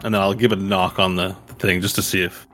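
A man playing in a tabletop game, chatty and quick to laugh, describing what his character does. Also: low voice, flat delivery, sharp tone, faint music behind. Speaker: player.

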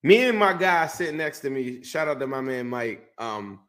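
A man casually telling a lively story, full of fillers and restarts, acting out what people said. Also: mid-range voice, moderate pace. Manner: animated storyteller, acts out quotes, many fillers and restarts. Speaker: guest recounting a game. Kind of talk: casual chat.

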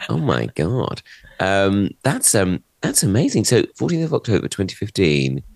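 A man from chats as a podcast co-host, his voice on the low side yet swinging widely in pitch. His talk is self-deprecating and full of exclamations, and the sound is close and dry. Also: wildly swooping pitch, normal speed, creaky, a little mellow, no room sound. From South London, England. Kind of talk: casual chat.

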